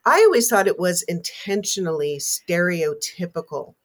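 A woman's voice: on the low side, lively intonation, normal speed. A woman co-hosting a podcast in casual, enthusiastic chat, with some restarts. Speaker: podcast co-host.

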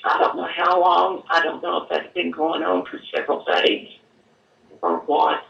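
A woman giving an earnest personal testimony, halting and at times choked up, in an echoey room away from the mic. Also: lowish voice, little pitch movement, vocal fry, fairly bright tone, distant mic, dull audio. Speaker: guest telling her story.

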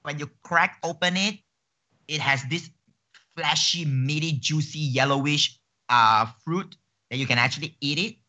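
A woman guest in a casual chat, animated and quick to exclaim and laugh. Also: deep voice.

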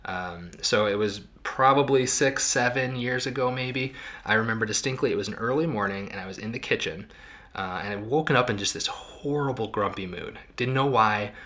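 A middle-aged man with a lowish voice and a bright, forceful edge hosts a casual podcast. He reflects out loud, stopping and restarting often, filling gaps with ums and dropping in quiet self-deprecating laughs. He speaks as a marital therapist would. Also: moderate pace.

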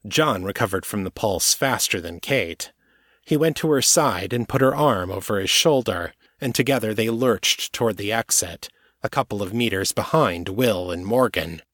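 A man narrating an audiobook chapter in a steady, even storytelling manner. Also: lowish voice, normal speed, no room sound, clean studio sound.

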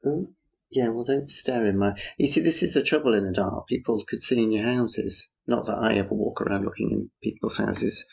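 A man rambles along in a casual monologue, dropping dry, sarcastic asides. His low voice is heavily gravelly and full of fry. The recording is muffled and lo-fi. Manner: wry, dryly sarcastic asides. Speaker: podcaster. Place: outdoors on a street at night.

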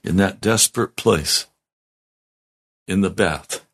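A man's voice: low voice, slow pace, breathy edge. A middle-aged man, a pastor, telling his testimony in a sermon, earnest and heartfelt with strong emphasis.

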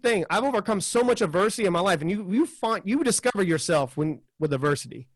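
A man's voice: high-pitched, animated, quick pace, no room sound. A man co-hosting a podcast who talks bluntly and casually, sometimes swearing. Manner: blunt and frank, with occasional swearing. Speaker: podcast co-host. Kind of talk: casual interview chat.

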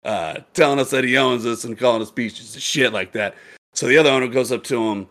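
A young man streaming games, telling a profane story in a casual, animated, laughing way. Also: medium pitch, normal speed. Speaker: gaming streamer.

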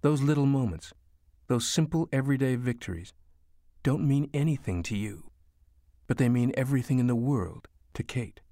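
A man voicing a sharp-tongued older mother who lectures her grown son insistently in an audiobook. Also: medium pitch, expressive, moderate pace, dry recording, clean studio sound, voice pushed up, natural voice. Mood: lecturing. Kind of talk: audiobook character voice.

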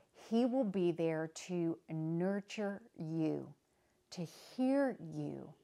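Slow, low-voiced woman teaching faith. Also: darkish tone. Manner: earnest, conversational, reflective. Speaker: podcast host. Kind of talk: faith-based teaching talk.

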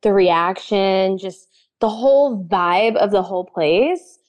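A woman's voice: medium pitch, animated, slow, a little mellow. A young woman chatting casually and gushing, with lots of fillers and giggles. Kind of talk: casual chat.

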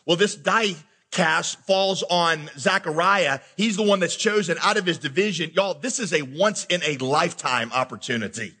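A man preaching a sermon to a congregation, animated, acting out people's questions to God in his own voice. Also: a little high, breathy edge, big-room sound. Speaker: pastor.

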